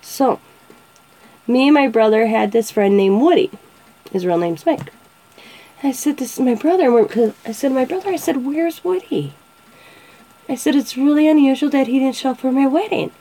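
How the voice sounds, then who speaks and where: A woman's voice: sits high, fairly quick, dark tone, poor audio. A woman in her forties hosting a casual show, chatting and telling funny family stories, often laughing and acting out what people said. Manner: chatty, laughs often, acts out quoted voices. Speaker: show host. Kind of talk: casual storytelling.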